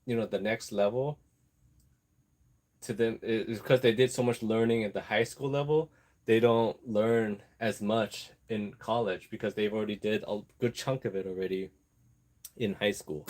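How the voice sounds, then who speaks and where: A man's voice: on the low side, fairly even intonation, normal speed, a little mellow. A man vlogging in a rambling casual chat, digressing and laughing often while he works on an apron. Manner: chatty, digressive, laughs often, easily distracted; talks while sewing an apron.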